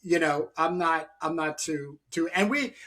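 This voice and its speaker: A man's voice: on the high side, a little slow, pushed and bright. A man hosting a casual interview, talking in a rambling, enthusiastic way with many restarts. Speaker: podcast host.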